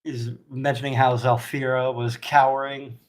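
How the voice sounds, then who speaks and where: A man's voice: medium pitch, flat delivery, normal speed. A man narrating a tabletop game as game master, casual and a bit hesitant.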